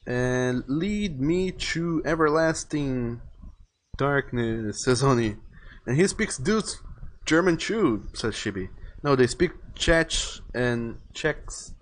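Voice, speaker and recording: A man's voice: medium pitch, a little hiss or hum. Chatty young man streaming a game. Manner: chatty, rambling, reads chat aloud. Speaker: livestreamer. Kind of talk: casual gaming commentary.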